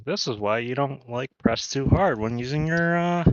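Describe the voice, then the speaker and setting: A man's voice: mid-range voice, expressive, normal speed, no room sound, lo-fi sound. A man co-hosting a hobby stream, rambling and joking at his own mishaps. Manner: rambling and self-mocking. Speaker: stream co-host. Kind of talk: casual hobby stream chat.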